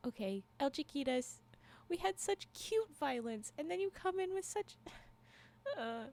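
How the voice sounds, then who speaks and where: A high, bouncy woman's voice with a gravelly fry at the ends of phrases, taking its time. She chats with her stream between bits of a story, laughing a lot and squealing at what she sees. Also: sing-song, measured pace, a little mellow. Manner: giggly, exclamatory reactions to chat. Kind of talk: casual livestream chat and story reading.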